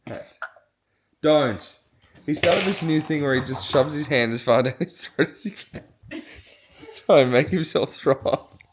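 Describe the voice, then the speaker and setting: A woman's voice: sits low, a little slow, pauses often, a little hiss or hum. A young mother, chatty and laughing often, cooing at her baby in a casual family vlog.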